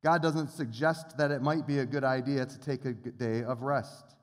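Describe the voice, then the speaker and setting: A man's voice: mid-range voice, steady tone, normal speed. A middle-aged man pastor preaching a sermon in an earnest, conversational way, often restarting his phrases. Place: church sanctuary. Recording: long reverb of a church hall.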